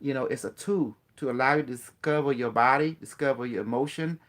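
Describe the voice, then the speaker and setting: Man, mid pitch, loose spiritual teacher, rambling and repetitive, keeps quizzing the listener. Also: a little fast, fairly bright tone. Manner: rambling, repetitive, breaks into playful chanting; questions the listener often. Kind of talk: casual spiritual talk.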